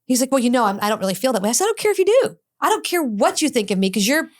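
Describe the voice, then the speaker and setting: A middle-aged woman with a slightly high voice tells a story in a podcast interview. She acts out both sides of each exchange with brash, profane energy. Her delivery is blunt and confident throughout. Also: racing. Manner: animated storyteller acting out both sides of dialogue, frequent cursing. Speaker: addiction specialist guest.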